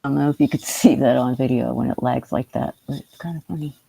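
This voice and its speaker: A woman chats quietly on a livestream as she does a puzzle, her voice gravelly with a dark, husky tone. She sounds low-key and subdued, and the sound is dry and close. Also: steady tone, quick pace, no room sound, rough recording. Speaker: streamer. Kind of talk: casual livestream chat while doing a puzzle.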